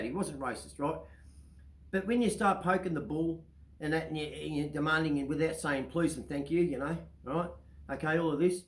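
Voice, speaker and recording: On his own show, a man whose voice is a little high and whose accent is Australian spins a long story in a casual, rambling manner. He's chatty and keeps asking "right?" The room is echoey and the recording low quality.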